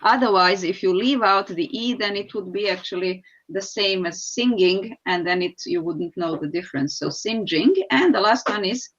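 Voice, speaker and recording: A woman teaches English grammar online, explaining each rule patiently and step by step. Her voice sits at a middling pitch and comes through a somewhat dull, lo-fi call connection. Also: moderate pace, hardly any pauses. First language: Serbian. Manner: patient, explanatory, calls on students by name.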